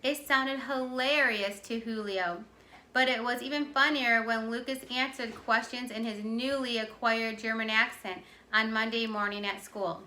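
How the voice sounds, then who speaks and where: A woman teacher reads a children's chapter book aloud, clear and expressive. Her voice is bright and sharp and sits a bit high. The room gives it a roomy echo. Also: a little slow. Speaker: teacher reading to her class.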